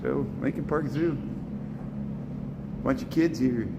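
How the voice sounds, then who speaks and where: A man's voice: slow pace, heavy background noise. A middle-aged man, chatting casually as he films a walking tour of a city zoo farm outdoors in winter on a handheld phone. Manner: chatty, rambling, talks to the animals in a high playful voice. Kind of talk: casual walking vlog narration.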